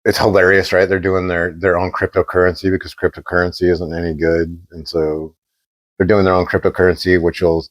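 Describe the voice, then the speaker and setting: A man co-hosting a podcast, chatting casually and telling an animated story, acting out the quoted exchanges. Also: deep voice, brisk. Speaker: podcast co-host.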